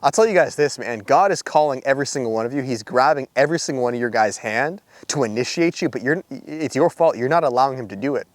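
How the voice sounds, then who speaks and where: Male Christian men's coach, casual preachy delivery, filler-heavy, mid pitch, dry close sound. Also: quick pace, few pauses, dry recording. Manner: animated, lots of fillers and rhetorical asides. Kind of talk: casual preachy talk to camera.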